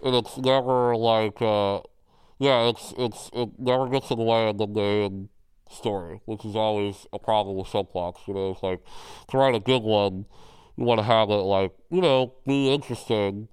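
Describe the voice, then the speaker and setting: Smooth-voiced man in loose film chat. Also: lowish voice, fairly even intonation, normal speed, darkish tone, dry recording. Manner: loose, swears freely, many fillers. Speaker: podcast co-host.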